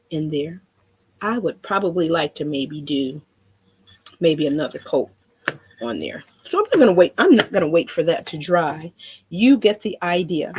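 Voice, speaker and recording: A woman's voice: sits low, husky. A woman demonstrating a painting craft in a chatty, rambling way, often repeating her words.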